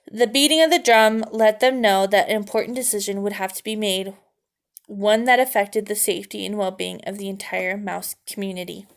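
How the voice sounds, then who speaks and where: A woman reading a children's novel aloud with an expressive storytelling cadence. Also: mid-range voice, creaky. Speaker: narrator.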